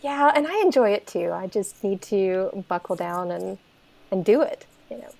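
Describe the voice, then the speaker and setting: Kentucky-accented woman guest, relaxed chatter, lots of "um", gravelly edges. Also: medium pitch, moderate pace. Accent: Kentucky Southern US. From Kentucky, USA. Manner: easygoing, self-deprecating, many fillers. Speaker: podcast guest, consultant. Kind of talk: casual interview chat.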